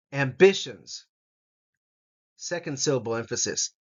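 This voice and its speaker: A man teaching English vocabulary, saying each word slowly and repeating it for learners to copy. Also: a little high, lively intonation, lo-fi sound. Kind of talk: vocabulary pronunciation lesson.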